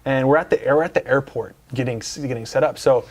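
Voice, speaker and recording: A man's voice: mid-range voice, fast talker. A man as a guest on a casual interview show, telling a rambling anecdote full of fillers and restarts, in a lounge. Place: dealership lounge couch.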